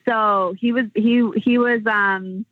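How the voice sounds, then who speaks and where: A woman's voice: fairly high pitch, steady tone, takes it slowly, no echo. Young american woman, chatty and rambling, filler-heavy talk, thin phone-line sound, dry. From United States. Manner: rambling, many "like" fillers and restarts. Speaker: entrepreneur guest. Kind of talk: casual interview chat.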